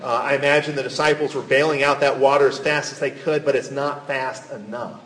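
A man's voice: medium pitch, fairly even intonation, fairly quick, a bit bright, echoey room. A man preaching a sermon, earnest and full of rhetorical questions, his voice lifting on the pleading passages. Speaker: pastor.

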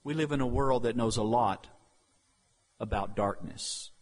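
A man preaching a sermon, slow and emphatic, with dramatic pauses, in a church sanctuary. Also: medium pitch. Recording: long reverb of a large hall.

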